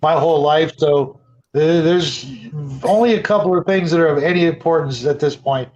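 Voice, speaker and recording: A man makes dry, matter-of-fact remarks in a casual late-night chat. His voice is on the higher side. The audio is dull and lo-fi. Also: normal speed, darkish tone. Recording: dull lo-fi sound.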